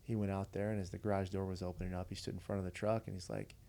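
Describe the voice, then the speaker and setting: Low gravelly man telling a story. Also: little pitch movement, very fast, mellow. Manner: earnest, conversational, retells dialogue. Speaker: podcast guest, veteran. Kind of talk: casual storytelling.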